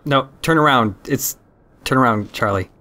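A man's voice: medium pitch, moderate pace, sharp tone. A young man giving casual, laid-back gameplay commentary, explaining how a fight works and laughing often. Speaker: let's play commentator.

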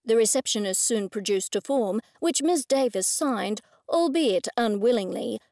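Female audiobook narrator, first-person cozy mystery, fairly high voice, dry close recording. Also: expressive, unhurried, vocal fry, darkish tone, dry recording.

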